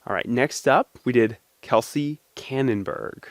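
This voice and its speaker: A man's voice: medium pitch, measured pace, no echo, clean studio sound. A young man hosting a casual video, talking playfully and chatting to his supporters. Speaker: video host. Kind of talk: casual talk to camera.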